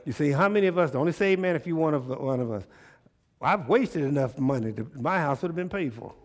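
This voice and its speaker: A male pastor delivers a sermon to his congregation in church, with a voice that sits a little higher than most men's. His manner is folksy and conversational. He keeps turning to the congregation with rhetorical questions. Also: animated, a little fast.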